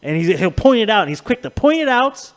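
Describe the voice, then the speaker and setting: Animated, swearing man in casual chat. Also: high voice, fairly quick. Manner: profane, rambling, animated storytelling with laughs. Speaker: podcast co-host.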